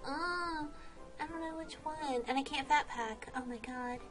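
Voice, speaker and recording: A woman's voice: sits high, a little slow, over music. A woman vlogging while she plays, chatting casually, laughing and exclaiming often. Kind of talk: casual game vlog commentary.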